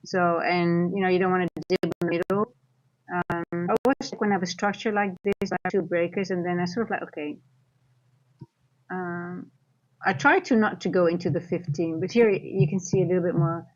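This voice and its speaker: A woman's voice: fairly low pitch, fairly even intonation, fairly quick, muffled recording. A woman streaming live from home as a futures trader and coach, chatting casually and thinking aloud as she rambles through her trades. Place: at home, near a kitchen.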